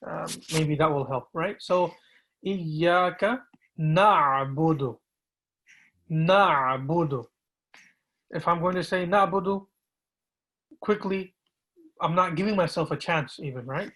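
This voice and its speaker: A man, an imam, patiently teaching pronunciation and repeating words slowly to gently correct students. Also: on the high side, breathy edge, rough recording.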